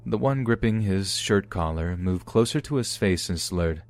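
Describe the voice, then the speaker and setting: A man narrating true horror stories in a steady, scripted reading. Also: low voice, moderate pace, hardly any pauses. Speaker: podcast narrator.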